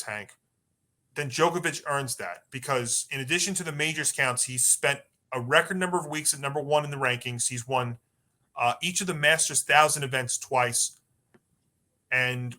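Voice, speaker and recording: A man's voice: a little high, bright, forceful tone. A man co-hosting a sports podcast, chatty and rambling through his points. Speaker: podcast co-host. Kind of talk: casual sports talk.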